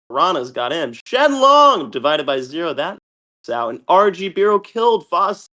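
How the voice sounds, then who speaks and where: Excitable young man calling a game. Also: on the high side. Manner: excitable, shouts and laughs often; stumbles with quick restarts. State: a bit out of breath. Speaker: host. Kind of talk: live game commentary.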